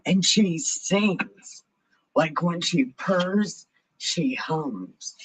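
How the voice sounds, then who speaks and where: Woman, raspy husky voice, slow drawl, profane rambling livestream chat. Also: lowish voice, expressive, low-quality recording. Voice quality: raspy, altered voice. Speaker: livestream host reading the Bible. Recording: home livestream mic.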